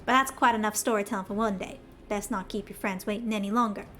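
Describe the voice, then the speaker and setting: A woman's voice: medium pitch, steady tone, quick pace, a bit bright, slight background noise, natural voice. A woman reading game dialogue aloud, voicing a blunt, folksy middle-aged male schemer in a heavy Southern US twang. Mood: earnest. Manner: folksy, blunt, rough-spoken.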